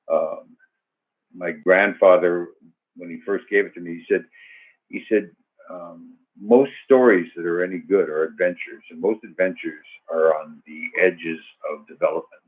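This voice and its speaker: Deep husky older man, rambling. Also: steady tone, unhurried. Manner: rambling and verbose, many fillers. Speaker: guest actor. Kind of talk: casual answers to student questions. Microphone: video call. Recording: tinny phone-like video call audio.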